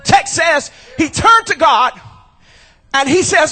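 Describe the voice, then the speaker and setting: A male pastor preaching a shouted sermon at a church service, using rhythmic repetition and calling out to the congregation. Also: very high voice, lively intonation, slow pace.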